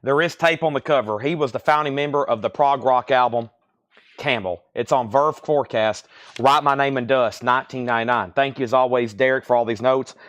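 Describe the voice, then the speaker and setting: A man's voice: medium pitch, brisk, a bit bright. A young man hosting a live vinyl sale stream, chatting casually and rambling while reading out titles and prices.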